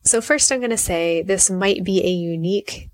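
A woman's voice: on the low side, moderate pace, dry recording. A woman in her forties hosting a solo podcast as a life coach, telling a family story and acting out the dialogue. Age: 40s. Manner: warm storytelling, acts out dialogue.

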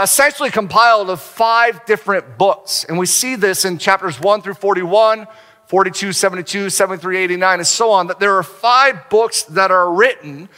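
A male pastor preaching a sermon with animated delivery, slowing and dropping low for emphasis, recorded in a church sanctuary. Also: clear, resonant tone. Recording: reverberant hall.

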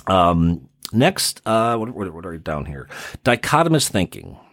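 A man with a Midwestern American accent talks through therapy concepts in a relaxed, conversational podcast monologue. His voice sits low, and the recording is dry and close, with no room sound. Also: a little slow, no room sound. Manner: conversational, explains with everyday examples. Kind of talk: casual explanatory monologue.

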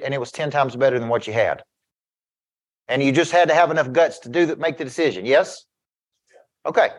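A man giving an intense motivational talk, often checking in with his listeners. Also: fairly high pitch. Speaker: business coach.

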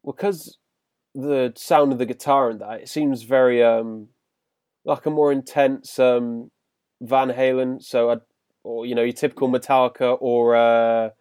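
A man's voice: mid-range voice, steady tone, measured pace, a little mellow, smooth, no room sound, clean studio sound. A British man hosting a podcast in casual chat, recapping scenes and putting questions to his co-host. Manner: leads the talk, recaps scenes and asks questions.

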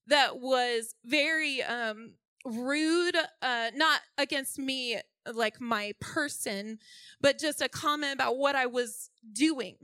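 High, bright-voiced woman preaching a testimony. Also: no echo. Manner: builds from quiet storytelling to fervent shouting. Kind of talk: testimony sermon.

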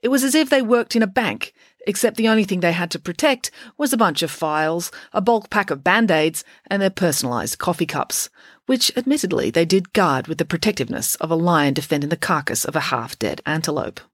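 A woman narrating a children's storybook with a wry, expressive reading. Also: fairly low pitch, brisk, dry recording, clean studio sound.

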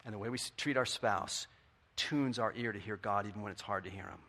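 Male pastor, middle-aged, conversational sermon, bright tone, animated swings in volume. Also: brisk. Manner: animated, swings from quiet to loud and high; conversational, asks the audience questions.

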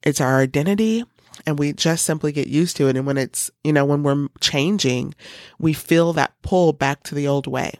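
A woman's voice: sits low, normal speed, darkish tone, dry recording, clean studio sound. A woman hosting a coaching podcast, talking earnestly and loosely with many fillers. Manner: earnest, loose, full of "you know" and "um". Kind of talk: encouraging podcast monologue.

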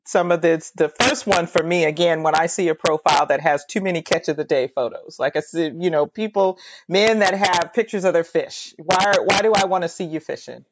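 A woman, a mother, co-hosting a casual chat, animated and opinionated, mimicking people in mocking voices. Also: on the low side, brisk, few pauses, low-quality recording. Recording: loud background hiss.

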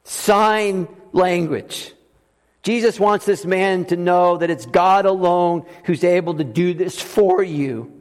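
Animated high-voiced male pastor. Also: slow pace. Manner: animated, shifting between loud emphatic and soft hushed delivery. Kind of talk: sermon. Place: church sanctuary. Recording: long reverb of a church hall.

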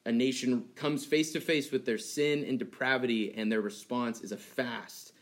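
A young man preaching in a relaxed, conversational way, his voice sitting in a middle register. He tells stories with lively energy, slips into quick voices for the people in them and laughs along with his words. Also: mid-range voice. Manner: conversational and animated, acting out childhood dialogue with laughs. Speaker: pastor. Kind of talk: sermon.

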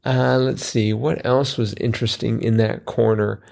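A man's voice: mid-range voice, little pitch movement, moderate pace, gravelly, a little mellow. A man musing over crossword clues. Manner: musing, self-deprecating, thinks aloud with fillers. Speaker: podcast co-host. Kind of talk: casual crossword chat.

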